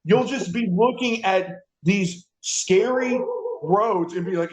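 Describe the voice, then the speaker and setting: A man's voice: sits high, slow. A man hosting a radio show, ranting casually and profanely, laughing and mimicking people. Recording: roomy, dull lo-fi sound.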